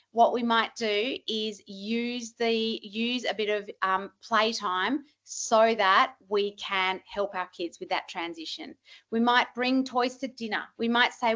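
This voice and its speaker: Aussie woman parenting expert, upbeat and emphatic, kinda muffled lo-fi sound. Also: medium pitch. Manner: lively, emphatic, explanatory. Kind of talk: presentation to parents.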